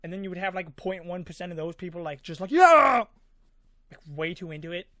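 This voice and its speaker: A high-voiced male vlogger tells a casual story in a loose, rambling way, peppered with fillers and little sound effects. His tone stays level and his pace is fast, and the recording is close and dry with no room sound or echo.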